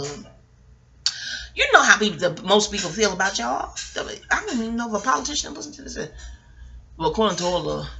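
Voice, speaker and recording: A woman's voice: on the low side, gravelly, bright, forceful tone, slight background noise. A woman, rambling through a casual, profane TV recap at home, digressing and laughing often. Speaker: vlogger reviewing a TV episode. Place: home, near a kitchen.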